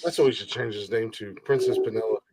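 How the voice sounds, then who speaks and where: A man's voice: lowish voice, steady tone, fast talker, over loud music, poor audio. A man co-hosting a casual comedy podcast, rambling, stumbling over repeated words and laughing often. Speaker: podcast co-host. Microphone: streamed podcast mic.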